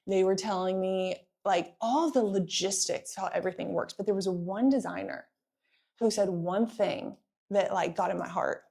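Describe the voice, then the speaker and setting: Energetic woman leading sales training. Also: mid-range voice, moderate pace, gravelly. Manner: energetic, playful, asks audience for responses. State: pregnant. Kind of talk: live sales training talk to an audience.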